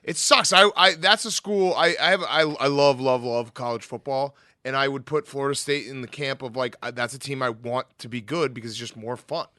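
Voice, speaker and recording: Bright-voiced man reacting with laughs. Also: medium pitch, fairly even intonation, no echo, studio quality. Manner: laughs along, short reactions, halting questions. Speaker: podcast co-host. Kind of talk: casual chat.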